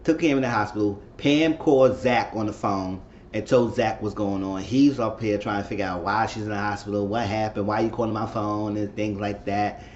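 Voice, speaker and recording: Low-voiced man rambling through a TV recap. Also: fairly even intonation, fairly quick, a little mellow, lo-fi sound, a little hiss or hum. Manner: rambling, repeats himself, conversational retelling. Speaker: TV episode reviewer. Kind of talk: casual recap and commentary.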